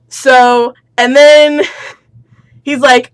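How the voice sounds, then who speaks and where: A woman's voice: sits high, little pitch movement, slow pace, no room sound. A young adult woman telling a story in casual, slangy, profane chatter with lots of fillers. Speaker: student storyteller. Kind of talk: casual comic retelling.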